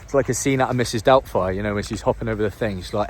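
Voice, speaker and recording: Young bloke vlogging, lowish voice, chatty and rambly, bit of noise behind. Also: male voice, rapid-fire. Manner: chatty, animated storyteller. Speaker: triathlete vlogger. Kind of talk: casual storytelling to camera.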